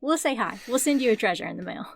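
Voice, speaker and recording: A woman's voice: fairly high pitch, animated, fast talker. A woman co-hosting a casual book podcast, chatty and joking, laughing often and swearing now and then. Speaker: podcast co-host.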